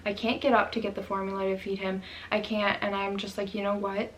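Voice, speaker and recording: A woman's voice: medium pitch, flat delivery, fairly quick, slight background noise, rough recording. A young woman vlogger telling a personal story in a candid, emotional way, with many fillers.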